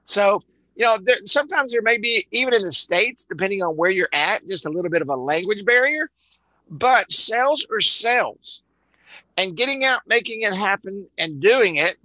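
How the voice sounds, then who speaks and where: A man's voice: high-pitched, expressive, a little fast, pushed and bright, no room sound, poor audio. A man from Dallas with a Texan accent, leading a live online sales training in a rambling way, full of repeated words and uhs. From Dallas, Texas.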